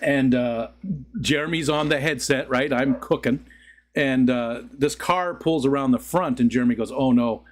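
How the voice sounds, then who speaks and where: A man's voice: mid-range voice, moderate pace. A middle-aged man hosting a casual live stream, rambling and chuckling as he talks to his chat. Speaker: livestream host.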